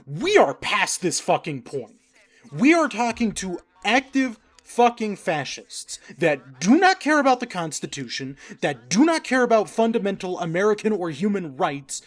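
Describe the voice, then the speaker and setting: A man's voice: high voice, very animated, measured pace. A man giving a direct-to-camera political rant, profane, emphatic and hectoring. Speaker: political commentator.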